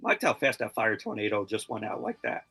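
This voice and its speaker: A man's voice: lowish voice, sing-song, fast, pushed and bright, breathy edge, low-quality recording. A man co-hosting a movie watch-along, chatting casually and commenting on scenes.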